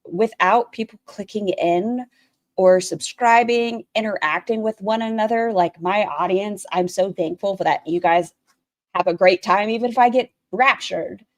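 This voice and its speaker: A woman's voice: mid-range voice, measured pace, dry recording. A woman streamer giving blunt, opinionated commentary while reacting to another stream and talking to her chat.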